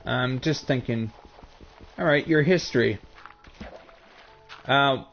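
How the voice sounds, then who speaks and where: An American man with a Northern US accent chats with his viewers during a live stream, his voice sitting at an ordinary middle pitch. He rambles and halts, circling back and restarting his sentences. The sound is dull and lo-fi, like a cheap stream mic. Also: creaky, soft background music. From United States. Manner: rambling and halting, full of restarts.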